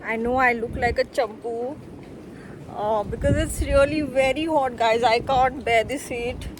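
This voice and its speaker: Filming a casual travel vlog at a resort villa and restaurant in hot weather, a young vlogger chats excitedly to camera against a noisy background. Her voice sits on the high side and she takes her time, keeps saying "guys," and stays chatty and excitable throughout.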